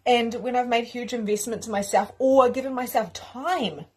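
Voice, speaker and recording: Breathy, effusive woman spiritual coach. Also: on the high side, moderate pace, darkish tone. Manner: casual, effusive, swears freely; talks straight to viewers, greets commenters. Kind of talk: live-streamed motivational talk.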